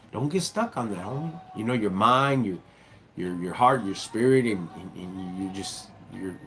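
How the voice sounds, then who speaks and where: There's slight background noise as a middle-aged Southern California man with a Chicano English accent hosts a relaxed livestream. His voice sits in the mid range, and his slangy street talk has him calling viewers "dog" and "homie."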